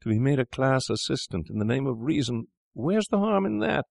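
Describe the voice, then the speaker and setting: A man voicing a frightened young medical student, hoarse and pleading. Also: medium pitch, big pitch swings, brisk, a little mellow, dry recording, studio quality, voice pushed up. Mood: panicked. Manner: pleading, panicked.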